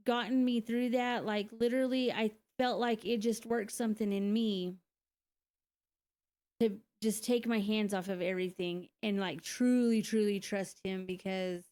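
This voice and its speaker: A woman's voice: mid-range voice, darkish tone. A woman, a single mother, telling her own story in a candid, conversational way, with frequent laughs and fillers. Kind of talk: casual personal testimony.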